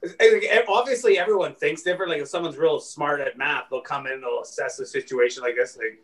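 A man's voice: a little high, fast talker, a bit bright, distant mic, low-quality recording. A man telling rowdy stories as a comedian guest in a casual podcast chat, rambling, swearing and acting out voices. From Saskatchewan, Canada.

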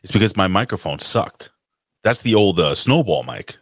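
A man's voice: low-pitched, very animated, normal speed, fairly bright tone, breathy edge, no room sound, studio quality. A man co-hosting a podcast in casual chat, with brash, profane banter. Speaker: podcast co-host. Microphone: podcast microphone.

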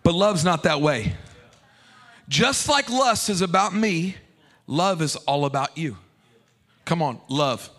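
A male pastor preaching a sermon in an animated, playful way, joking back and forth with the congregation. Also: fairly high pitch, slow pace, pauses often.

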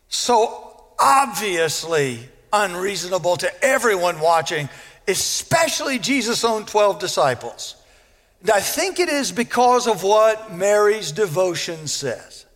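Male preacher, very high voice, earnest sermon, emphatic repeats, long hall reverb. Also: a bit bright. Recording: long echo of a large hall.

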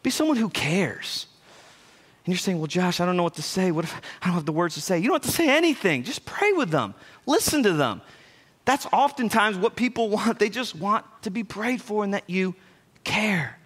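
Bright-voiced young male preacher. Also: high voice, brisk, breathy edge. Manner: conversational, animated preaching with asides. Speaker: pastor. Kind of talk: sermon.

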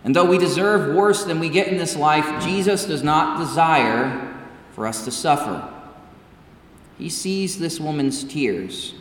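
A male pastor delivering a sermon with slow, deliberate emphasis and pauses. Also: on the high side. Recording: echoey church hall from far off.

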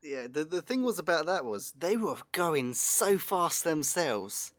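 A man's voice: fairly high pitch, big pitch swings, unhurried, fairly bright tone, no echo. A man co-hosting a casual gaming chat, rambling with lots of fillers and restarts. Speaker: podcast co-host.

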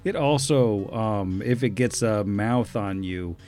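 A man's voice: fairly low pitch, slow, darkish tone, faint music behind. A man serving as game master, plainly reading out monster defenses and abilities with frequent filler words. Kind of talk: running a tabletop game, reading monster stats.

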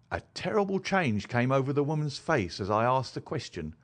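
A man's voice: moderate pace, hardly any pauses. A man reading a story aloud as narrator, shifting his voice for each character. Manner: lively, shifts pitch to voice characters. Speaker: audiobook narrator. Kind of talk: scripted narration.

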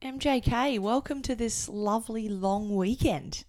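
A woman co-hosts a podcast in easy, jokey chat, often laughing. Her voice is slightly husky and cracking today. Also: a little high, measured pace, very noisy. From Australia. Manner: jokey, giggly, chatty. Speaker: podcast co-host. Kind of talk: casual chat.

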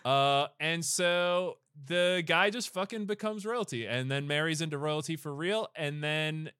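A man casually retelling a fairy tale on a podcast, cursing freely in an animated, jokey way. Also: a little high, measured pace, smooth, no echo, clean studio sound.

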